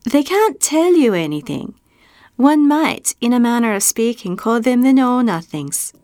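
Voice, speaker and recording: A woman's voice: fairly high pitch, very animated, a little slow, a little mellow, no room sound, studio quality, voice pushed up. A woman voicing a small, giggly male monkey with a pedantic, scholarly manner. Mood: amused. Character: little gray professorial monkey, male, giggly.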